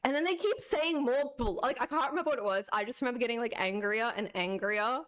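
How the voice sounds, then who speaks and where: A woman's voice: fairly high pitch, fairly quick. Sarcastic woman ranting. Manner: sarcastic, animated, laughs often. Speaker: streamer. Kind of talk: casual ranting storytelling.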